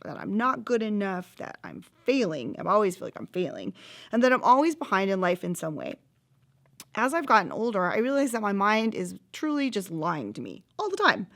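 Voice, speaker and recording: A middle-aged woman hosting a self-help course, speaking in an earnest, encouraging way with frequent laughs. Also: mid-range voice. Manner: earnest, warm, animated with laughs. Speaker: course host.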